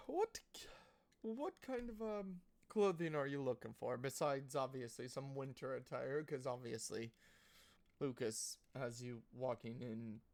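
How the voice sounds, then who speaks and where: A woman's voice: extremely low pitch, darkish tone, full character voice. A woman voicing a fussy, eager male tailor who chats and teases as he serves a customer. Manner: chatty, teasing, fussing over the customer.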